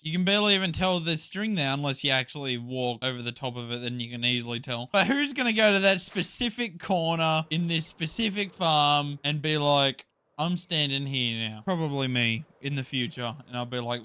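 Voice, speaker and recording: A chatty man talking over his gameplay in a bright, tense voice. His tone is smooth and crisp, and he sits a little higher than most men. He sounds casual and exasperated and pokes fun at himself. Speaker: gaming video creator.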